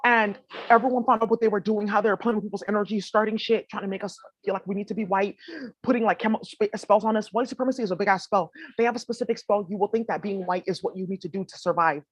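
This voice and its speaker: A woman vlogger rambles straight to her viewers in a loose, casual monologue. Her talk is full of swearing and slang. Her voice sits at a middling pitch, and the recording is close and dry with no room echo. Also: fairly even intonation, fast talker. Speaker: spiritual vlogger.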